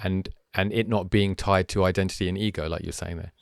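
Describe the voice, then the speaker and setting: A young man with a Birmingham accent hosts a podcast chat, his voice low and dry. He talks things through thoughtfully, with fillers and false starts. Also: fairly even intonation, fairly quick, vocal fry, no room sound. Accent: Birmingham English. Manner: thoughtful, hesitant with fillers and restarts. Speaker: podcast host. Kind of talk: casual interview chat.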